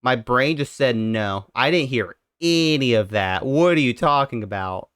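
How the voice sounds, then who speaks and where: A young man chats casually on a live stream, rambling and addressing his viewers directly. His voice sits at an ordinary mid pitch. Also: animated, a little slow, fairly bright tone, smooth, no echo, studio quality. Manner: rambling, talks straight to chat.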